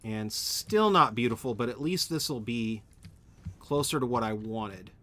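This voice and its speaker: A man's voice: medium pitch, animated, unhurried, a bit bright. A man thinking aloud while streaming a game at home, answering chat and often correcting himself. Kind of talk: live gameplay commentary, answering chat.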